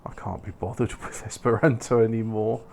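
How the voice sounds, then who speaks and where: A man's voice: lowish voice, steady tone, a little fast, gravelly, a little mellow, slight background noise. A man giving casual, rambling commentary while playing a factory-building game, correcting himself and making wry asides. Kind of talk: casual let's-play commentary.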